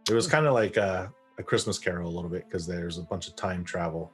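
A man co-hosting a casual podcast chat, laid-back and quick to laugh. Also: low voice, soft background music. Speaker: podcast co-host.

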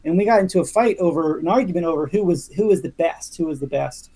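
A young man talking casually as a podcast guest, telling animated stories with many restarts. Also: fairly high pitch, fast. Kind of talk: casual chat.

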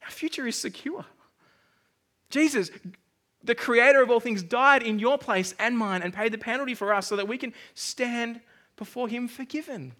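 A man's voice: very high-pitched, moderate pace, bright, forceful tone. A male pastor preaching a sermon in a conversational, self-deprecating way.

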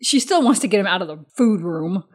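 A woman's voice: medium pitch, lively intonation, a little fast. A woman playing a tabletop game, playful and laughing. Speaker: player. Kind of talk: casual tabletop game play.

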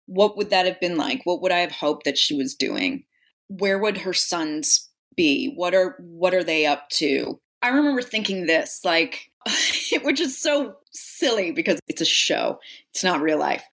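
Woman, low-pitched, reflective, earnest, interview guest. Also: lively intonation, a little slow, fairly bright tone. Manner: reflective, earnest, grows emotional. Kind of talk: casual interview conversation.

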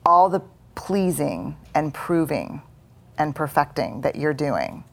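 Appearing as a guest on stage before a live audience, a middle-aged woman speaks earnestly and slowly, though in a very animated way, acting out inner voices. Her voice is low and has vocal fry.

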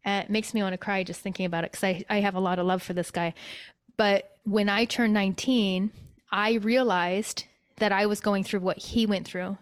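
A woman's voice: mid-range voice, steady tone, moderate pace, no room sound, clean studio sound. A young adult woman telling an emotional personal story as a guest, with many fillers and restarts.

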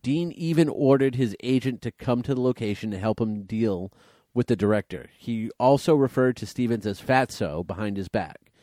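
A man's voice: medium pitch, moderate pace, warm tone, dry recording, clean studio sound. A man co-hosting a casual movie podcast, rambling a little and reading trivia aloud. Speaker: podcast co-host.

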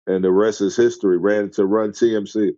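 A middle-aged man telling stories as a podcast guest, acting out quotes excitedly. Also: brisk, no room sound, dull audio. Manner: excited storyteller who acts out quotes in a high voice. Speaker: guest, former basketball player. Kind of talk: animated storytelling in a podcast interview.

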